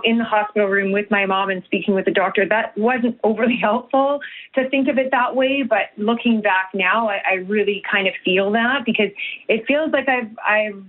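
A woman from Canada speaks as a guest over a tinny phone line. She talks earnestly and often restarts with fillers. Her voice sits at an ordinary middle pitch. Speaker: guest, nutritionist and health coach. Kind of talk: broadcast interview.

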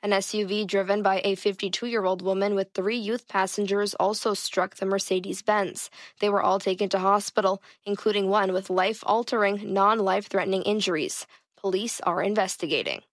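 A woman anchoring a radio newscast in a measured, formal delivery. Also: mid-range voice, fairly even intonation, no echo, studio quality. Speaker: news anchor. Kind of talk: news reading. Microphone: studio mic.

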